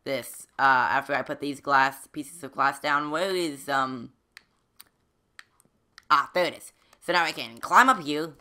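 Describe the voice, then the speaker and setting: A woman's voice: deep voice, unhurried, bright, forceful tone. A woman giving rambling let's play commentary as a gaming channel host, talking to herself as she plays and breaking into sudden squeals and yelps. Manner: chatty, rambling, talks to herself while playing.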